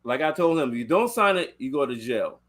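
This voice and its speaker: A man's voice: mid-range voice, big pitch swings, a little fast, fairly bright tone. A man hosting a casual podcast chat, retelling a video in a loose, rambling way. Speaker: podcast host.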